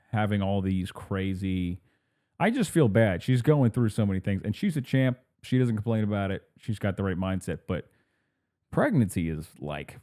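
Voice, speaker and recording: A man's voice: fairly low pitch, warm tone. A man hosting his podcast in casual solo chat, rambling and restarting his sentences, laughing often and acting out what people say. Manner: rambling, self-interrupting, laughs often, acts out quotes. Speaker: podcast host.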